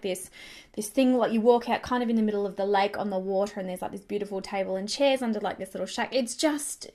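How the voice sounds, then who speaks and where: A young woman chatting excitedly while doing her makeup, rambling quickly through a story with lots of fillers. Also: a little high. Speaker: beauty vlogger. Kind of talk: get-ready-with-me storytelling chat.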